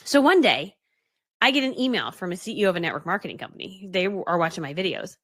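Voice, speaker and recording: A woman coaching her audience in a rapid, lively stream, her fairly high voice swinging widely up and down. She acts out the voices in her story as she goes, and the sound is close and dry with no room around it. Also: dry recording. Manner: fast-talking, animated, acts out quoted voices; laughs often mid-story. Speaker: business coach. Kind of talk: live storytelling talk to an online audience.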